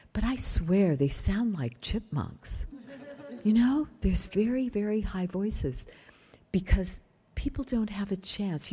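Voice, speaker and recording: Older woman, low calm yoga teacher. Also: breathy edge. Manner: calm, explanatory, asks the audience questions. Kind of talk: workshop lecture. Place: retreat workshop room.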